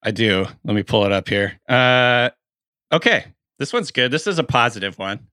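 A man co-hosting a casual podcast, trading jokes and walking through player stats with quick asides. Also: mid-range voice, expressive, pushed and bright, clean tone, no echo, studio quality. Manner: jokey, analytical, quick asides. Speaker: podcast co-host.

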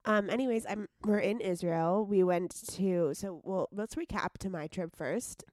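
A woman's voice: medium pitch, a little slow, a little mellow, dry recording, clean studio sound. A woman co-hosting a podcast in casual chat, sounding sick with a sore throat and rambling through her stories with restarts. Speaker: podcast co-host.

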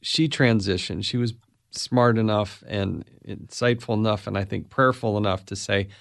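A middle-aged man hosting an interview, talking in a soft-spoken, reflective way. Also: fairly low pitch, steady tone, normal speed, gravelly. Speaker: podcast host. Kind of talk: casual interview chat.

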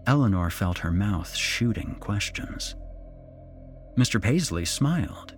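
A man narrating a suspense story aloud in an expressive reading voice. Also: fairly low pitch, slow, husky, soft background music.

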